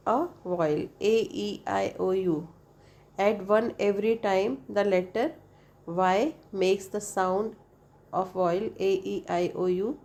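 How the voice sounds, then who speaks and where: A woman teaches an English lesson at an unhurried pace. She repeats each point and spells out the vowels one by one. She checks in with the listener between steps. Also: medium pitch, a little mellow. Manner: frequent "right?" checks with the listener. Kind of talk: explanatory lesson.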